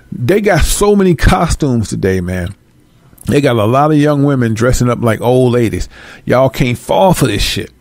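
A man's voice: fairly high pitch, no echo. A man delivering a blunt, profane opinion rant to his viewers, emphatic and streetwise. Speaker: vlogger.

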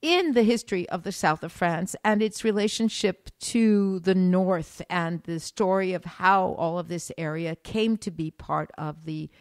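Co-hosting a relaxed travel podcast, this American woman, once an art school teacher, has a lowish voice and talks a little slowly with hardly any pauses. Her explanations sound teacherly and include fillers and restarts. The sound is clean studio audio with no echo.

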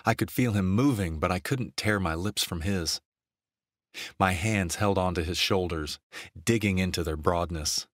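A man narrating a romance novel in an even, steady storytelling voice on a close mic. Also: deep voice, measured pace, no room sound. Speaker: audiobook narrator.

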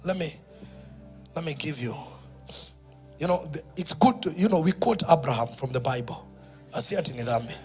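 A man with a Kenyan accent, a pastor preaching a sermon in church, moving from quiet storytelling to loud exhortation. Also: fairly high pitch, animated, normal speed, pauses often, faint music behind.

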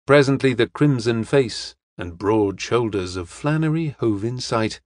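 A man's voice: medium pitch, animated, unhurried, a little mellow, dry recording. Man narrating an audiobook, dry.

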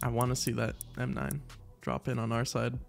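Man, congested, mid-pitched, casual excitable gaming commentary, frequent swearing, pleading, faint background music. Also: moderate pace, vocal fry. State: congested, stuffy nose. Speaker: gaming video creator. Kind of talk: casual live commentary while opening cases.

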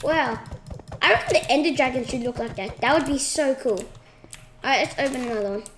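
A woman giving casual, excitable commentary while playing a game, shrieking at surprises. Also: high-pitched, brisk. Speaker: gaming channel host. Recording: echoey room with clear noise.

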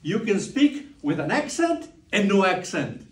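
A man's voice: fairly high pitch, wildly swooping pitch, measured pace. A man from Mexico with a Mexican Spanish accent gives a public lecture, emphatic and repetitive, asking the audience rhetorical questions. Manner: emphatic, repeats key words, asks rhetorical questions. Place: lecture room. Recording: roomy sound from far off.

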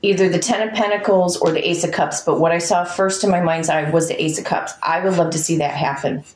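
A woman's voice: on the low side, fairly even intonation, a little fast. A woman giving a chatty tarot reading to her viewers, musing aloud over each card. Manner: chatty, talks to her dog between cards. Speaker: tarot reader. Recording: echoey room.

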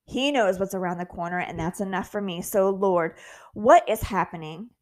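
A woman hosting a faith-based motivational podcast, talking earnestly and encouragingly, acting out her prayers in animated voices and laughing at herself. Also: medium pitch, moderate pace. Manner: candid and self-mocking, laughs at herself. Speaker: podcast host.

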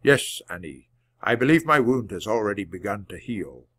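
A man's voice: mid-range voice, animated, normal speed, a bit bright, lightly acted. A man voicing a weary, dignified wounded king in a storybook reading.

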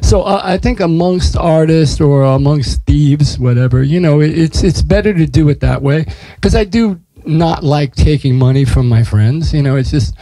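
A man's voice: on the high side, moderate pace, warm tone, no room sound, low-quality recording. A man, telling stories in casual, profane conversation and acting out what people said. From United States. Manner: swears freely, acts out quotes in storytelling. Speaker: artist guest.

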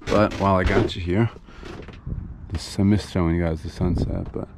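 A young man vlogging casually aboard his small sailboat, swearing freely with bursts of excitement. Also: deep voice, moderate pace. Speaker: solo sailor vlogger. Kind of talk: casual vlog narration. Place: aboard a small sailboat, engine bay and open deck. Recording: noisy outdoor boat audio.

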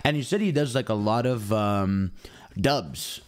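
A man's voice: lowish voice, a little slow. A young adult man streaming, chatting casually and rambling while talking straight to his chat. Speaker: game streamer.

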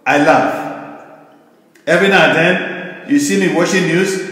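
An older man preaching a sermon as pastor, in an emphatic, repetitive cadence with slow, stressed phrases. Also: a little high, a bit bright. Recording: very echoey hall with long reverb.

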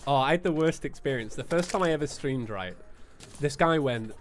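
A man's voice: fairly high pitch, animated, a little fast, soft background music. A British man hosting a live gaming stream, chatting casually, laughing often and acting out what other people say. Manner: laughs often, acts out others in quoted asides.

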